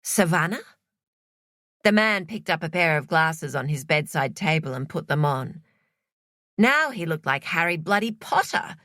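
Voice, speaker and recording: A woman reading scripted narration for an audiobook in a measured storytelling manner. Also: low-pitched, expressive, bright, forceful tone, no echo, clean studio sound.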